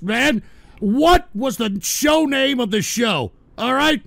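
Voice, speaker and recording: A man hosting a radio show, ranting and swearing in exasperation and often shouting. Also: extremely high pitch, sing-song, takes it slowly, creaky, pauses often, no room sound. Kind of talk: angry on-air rant.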